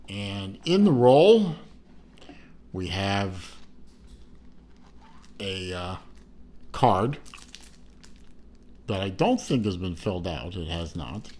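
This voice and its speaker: A man's voice: sits low, a little mellow. A middle-aged man giving a casual watch unboxing review, rambling with fillers and self-corrections and dropping dry, self-mocking asides.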